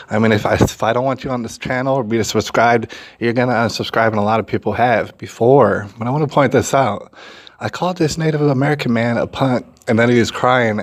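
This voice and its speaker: A man from San Antonio, hosting his own opinion vlog and talking emphatically and repetitively straight to his viewers. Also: on the low side. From San Antonio, Texas. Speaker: channel host.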